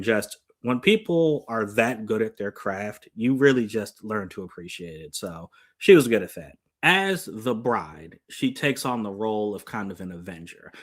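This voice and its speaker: A man's voice: on the low side, fairly bright tone. A man giving a casual, enthusiastic movie review, chatty and full of "like" and "you know".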